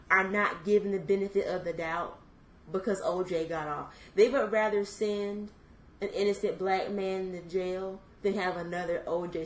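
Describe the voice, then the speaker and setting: A young woman in her twenties co-hosting a podcast, thinking out loud in casual chat with lots of fillers. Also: medium pitch, echoey room, poor audio. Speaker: podcast co-host.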